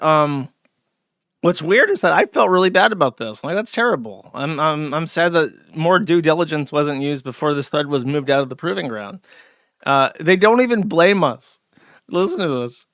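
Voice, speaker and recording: A man's voice: fairly high pitch, a bit bright, no echo, clean studio sound. A male host giving a rambling, sarcastic livestream commentary with frequent restarts.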